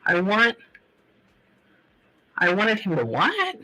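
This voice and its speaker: A woman giving a live psychic reading on a talk show, pausing often to say hold on and filling her talk with like and um. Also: mid-range voice, huge pitch swings, sharp tone, poor audio. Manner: halting, keeps pausing to say hold on; loose casual talk full of like and um. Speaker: psychic medium.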